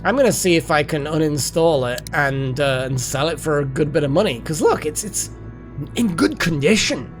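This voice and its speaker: A man rambling through gameplay commentary, his pitch swinging widely as he gets excited and then drops into muttering. Faint game music plays quietly behind him. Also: normal speed. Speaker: gaming channel host. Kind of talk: let's play commentary.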